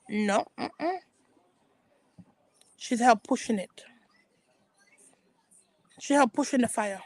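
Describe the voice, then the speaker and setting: A woman's voice: on the high side, takes it slowly, long pauses, no room sound. A woman giving casual opinion commentary as a vlogger, talking emphatically and repeating herself with restarts. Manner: emphatic and repetitive, with frequent restarts.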